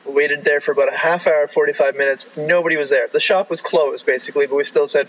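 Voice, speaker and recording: A Canadian man spins a rambling anecdote, sprinkling "like" and "right?" through his sentences. His voice sits slightly high for a man, and the recording is a bit dull and lo-fi. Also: steady tone, quick pace, hardly any pauses, a bit bright. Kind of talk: casual spoken storytelling.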